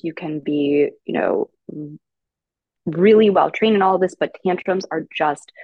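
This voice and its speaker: A woman giving parenting advice in a casual podcast chat, calm and explanatory, with many "like"s. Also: low voice, dry recording, dull audio. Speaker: parenting educator guest.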